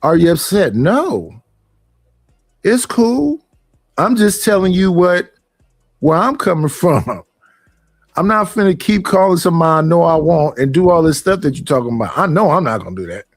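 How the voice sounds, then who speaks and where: A man in a casual discussion on a podcast, with a fairly high voice and a blunt, animated way of telling stories. He plays out both sides of a conversation as he talks. The sound is dry, with faint music behind him. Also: moderate pace, long pauses, dry recording.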